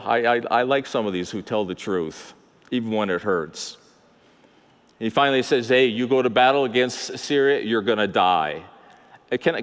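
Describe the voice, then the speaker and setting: An older man preaching to his congregation, mid-pitched and conversational, tossing in asides and rhetorical questions. His voice rings out with a long hall reverb, as if recorded in a large church. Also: fairly bright tone. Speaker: pastor. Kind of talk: sermon.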